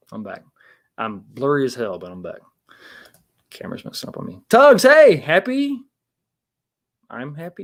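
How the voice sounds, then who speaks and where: A man hosting a casual livestream talk show, rambling with many restarts and greeting viewers in the chat. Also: mid-range voice.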